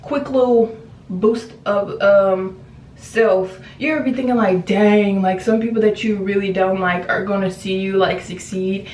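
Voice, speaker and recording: A woman's voice: mid-range voice, steady tone, a little slow, a little mellow. Chatty young woman in a roomy space. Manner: chatty, playful, rambling asides. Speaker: beauty vlogger. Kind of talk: casual makeup tutorial chat. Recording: roomy, slightly distant.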